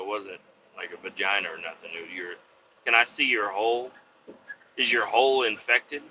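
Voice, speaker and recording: A man's voice: medium pitch, pushed and bright, slight background noise. A man who drives trucks, telling rambling stories in a crude, profane, joking way. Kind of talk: rambling casual storytelling. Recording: dull lo-fi sound.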